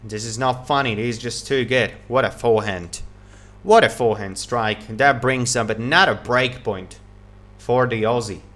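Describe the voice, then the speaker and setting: A man giving live play-by-play tennis commentary, calling each shot quickly and getting excited at big points. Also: mid-range voice. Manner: excited, calls shots rapidly, repeats praise.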